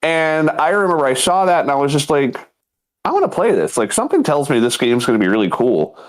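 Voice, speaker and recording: A man's voice: on the high side, lively intonation, fast. A man in his thirties co-hosting a casual comedy podcast. He tells stories with energy, acts out quotes and laughs often. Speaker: podcast co-host.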